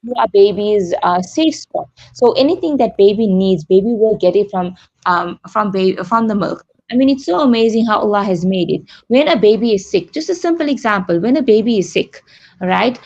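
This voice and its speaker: A middle-aged woman takes part in a radio interview as a breastfeeding support leader. She comes through a dull, lo-fi line. She explains things earnestly, with simple step-by-step examples, at a middle pitch for a woman. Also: lively intonation, moderate pace, a little mellow.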